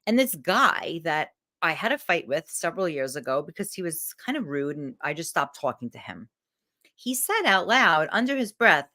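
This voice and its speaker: A woman coach giving a candid, emotional motivational talk to camera, swearing freely. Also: low-pitched. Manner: animated.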